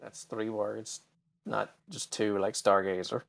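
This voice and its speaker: A man's voice: on the low side, little pitch movement, slow, creaky, no room sound. A middle-aged man co-hosting a live-stream podcast, talking bluntly and sarcastically with plenty of profanity. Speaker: podcast co-host. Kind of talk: casual live-stream chat.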